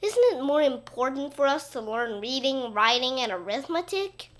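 A woman's voice: high-pitched, lively intonation, normal speed. A woman voicing a prim, proper know-it-all schoolgirl in a storybook reading.

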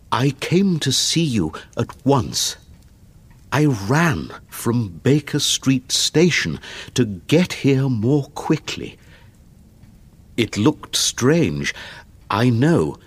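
A man voicing an anxious middle-aged banker in an audiobook, speaking quietly and hesitantly. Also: medium pitch, slightly rough, heavily acted.

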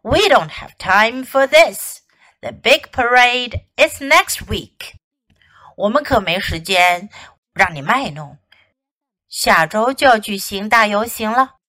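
A woman voicing Mister Sharp, a strict, impatient male band teacher in a children's storybook. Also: a little high, animated, slow pace, exaggerated voice.

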